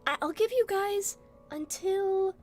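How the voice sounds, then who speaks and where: A young woman with a very high voice chats slowly and casually with her stream audience, giggling constantly and hiccuping between sentences. Soft music plays faintly behind her.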